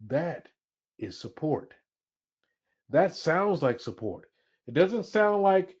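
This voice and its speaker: A man with a slightly high voice presents a training webinar. He speaks emphatically, repeats his key phrases, and puts questions to the audience. The webinar audio sounds dull and lo-fi. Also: sing-song, slow pace, long pauses, a little mellow, slightly rough.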